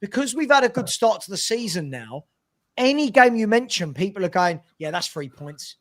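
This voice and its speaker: A man's voice: high-pitched, sing-song, a little fast, fairly bright tone. A man, a fan podcast panelist making emphatic, cautionary points in casual football debate.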